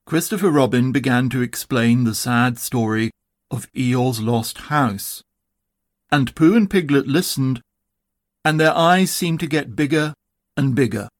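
Slow, gentle storybook narrator, a man. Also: mid-range voice, no room sound, studio quality. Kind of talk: storybook reading.

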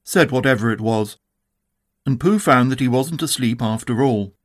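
Man reading a children's storybook. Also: mid-range voice. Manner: calm, measured, expressive. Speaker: narrator.

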